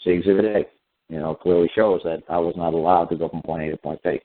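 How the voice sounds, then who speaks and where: A middle-aged man with a low voice hosts a casual radio talk show, speaking bluntly and circling back over his own points. His voice reaches the listener through a thin, tinny phone-line sound. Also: fairly even intonation, quick pace. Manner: blunt storytelling with frequent repetition and restarts.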